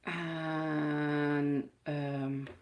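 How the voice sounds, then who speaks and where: A woman's voice: deep voice, level tone, extremely slow, a little hiss or hum. A woman giving a live-stream tarot reading, chatty and affectionate, often laughing at herself.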